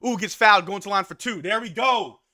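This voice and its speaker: A man hosting a live watch-along stream, calling plays and reacting loudly with hype shouts on big moments. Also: high-pitched, fairly quick, no room sound, clean studio sound. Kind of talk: excited live game commentary.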